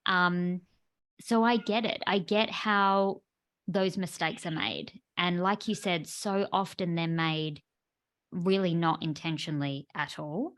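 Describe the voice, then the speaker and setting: A woman in her thirties co-hosting a podcast, talking casually and agreeing warmly, with many "like" fillers. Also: lowish voice, fairly even intonation, slow pace. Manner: chatty, warm agreement, frequent "like" fillers. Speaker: podcast co-host. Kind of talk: casual conversational chat.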